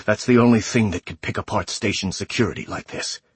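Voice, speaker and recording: A man voicing a wounded male scientist in hiding who talks in low mutters. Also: brisk, husky, dry recording. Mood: grim mutter.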